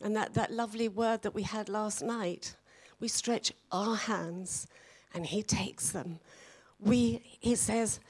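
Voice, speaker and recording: A woman leading a church gathering, speaking in a gentle, encouraging manner. She talks slowly and unhurriedly, urging her listeners on. Her pitch is medium. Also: fairly even intonation, breathy edge. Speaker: meeting leader. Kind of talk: church exhortation.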